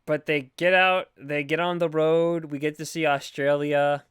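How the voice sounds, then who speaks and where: A man with a clear, fairly high voice, sarcastic and goofy as he recaps a movie and spins mock conspiracy theories. His voice is crisp and close to the mic, with a dry sound and no room echo. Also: level tone, a little slow, fairly bright tone. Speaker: podcast co-host. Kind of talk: casual movie recap chat.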